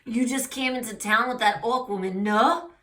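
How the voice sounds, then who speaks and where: Fussy French village clerk, a woman doing him, polite and formal, bright voice, echoey room. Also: a little high, normal speed, recorded from a distance, voice pushed up, lightly acted. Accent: French, put on. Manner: polite, formal, slightly theatrical.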